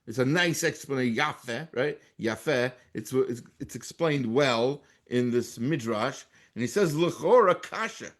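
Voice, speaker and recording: A man's voice: mid-range voice, animated, unhurried, few pauses. A man with an American accent teaching a Torah class as a rabbi. He reads Hebrew texts aloud and translates them, with frequent restarts.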